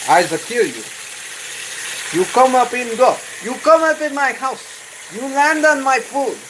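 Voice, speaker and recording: A man's voice: very high voice, animated, unhurried, noisy background, voice pushed up. A man doing a pompous fly-slayer. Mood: mock-grand. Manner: mock-grand, old-fashioned speech. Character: pompous grown man declaring war on a fly.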